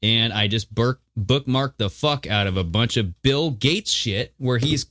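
A man's voice: medium pitch, unhurried, hardly any pauses, a bit bright, no echo, clean studio sound. A man co-hosting a podcast, teasing and crude in casual banter. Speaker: podcast co-host.

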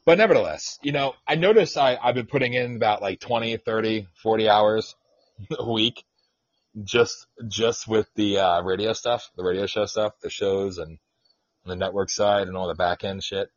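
A man's voice: lowish voice, moderate pace, no echo. A man hosting an independent radio show, ranting and teasing his co-host in casual, profane talk. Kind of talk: casual podcast rant. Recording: dull lo-fi sound.

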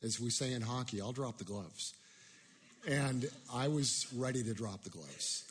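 A man's voice: medium pitch, unhurried, in a large hall, slight background noise. A man preaching a sermon, telling a personal story in a self-deprecating way with many restarts.

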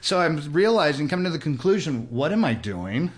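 Man in his sixties, lively storyteller. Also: a little high, fairly quick. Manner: animated, acts out voices in his anecdotes. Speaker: podcast guest. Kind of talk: casual storytelling. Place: host's house.

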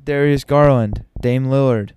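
Man, mellow smooth voice, casual opinionated talk, ums and restarts, dry close sound. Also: medium pitch, unhurried, no echo. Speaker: sports commentator.

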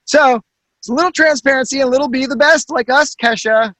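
A man's voice: very high voice, fairly quick, a bit bright, no room sound. A man co-hosting a comedic podcast chat, sarcastic and rambling, with lots of fillers. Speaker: podcast co-host.

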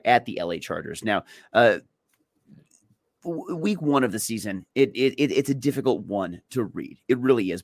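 In clean, echo-free studio sound, a man with a fairly low voice co-hosts a sports betting show. His casual chat about his picks is self-deprecating, and he tends to repeat words as he works things out.

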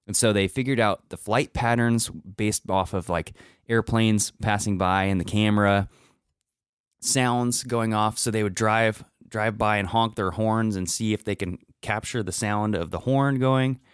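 A man's voice: fairly low pitch, fairly even intonation, a little slow, clear, resonant tone, no echo, studio quality. A man telling a long, rambling story in casual podcast chat, with lots of fillers and restarts.

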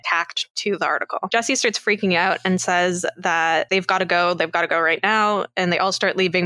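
A woman's voice: on the low side, pushed and bright, no room sound. A woman from Canada co-hosting a podcast, casually recapping a movie, acting out the characters' lines and laughing often. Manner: retells scenes, acts out quoted lines, laughs often. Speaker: podcast co-host.

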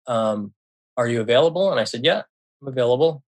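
A man's voice: mid-range voice, expressive, brisk. A man from Seattle telling a personal story as a podcast guest, retelling conversations with frequent restarts and occasional swearing. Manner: emotional retelling with frequent restarts, quotes himself and others; swears when upset. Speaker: podcast guest, left-behind parent.

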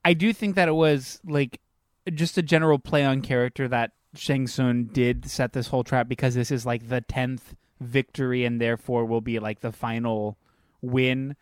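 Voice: mid-range voice, steady tone, moderate pace, smooth, no echo, clean studio sound. A podcast co-host in casual chat, thoughtfully analyzing a film's characters and often hedging with "I do think". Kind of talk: casual film critique chat.

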